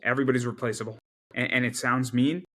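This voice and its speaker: A man as an interview guest in casual chat, talking emphatically with many quick repeated restarts. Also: mid-range voice, level tone, a bit bright. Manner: rapid repetitive restarts, emphatic.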